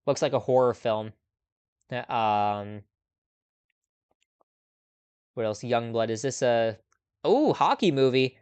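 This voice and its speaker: A man hosts a relaxed live movie chat, rambling casually and laughing softly between thoughts. His voice is smooth and clear, sitting at an ordinary middle pitch. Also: unhurried. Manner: chatty, laughs often, lots of ums. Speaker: host.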